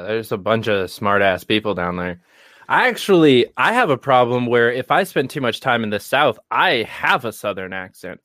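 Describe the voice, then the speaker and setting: A man's voice: lowish voice, fairly bright tone, dry recording, studio quality. A man from New York in a casual chat, talking in a wry, teasing way.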